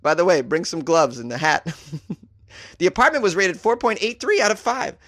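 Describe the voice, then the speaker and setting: A man's voice: sits high, normal speed, fairly bright tone, dry recording, studio quality. A man from Boston with a Boston accent, hosting comedic news commentary, sarcastic and laughing between jokes. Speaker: host.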